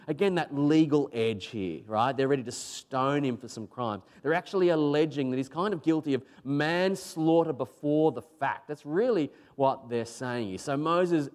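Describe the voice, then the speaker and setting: A man's voice: fairly high pitch, moderate pace, hardly any pauses, a little mellow. A man preaching from the pulpit in a slightly raised voice. He keeps his delivery casual and emphatic and repeats phrases to drive points home. The tone is a plain, everyday talk to a congregation. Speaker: pastor. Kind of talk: sermon.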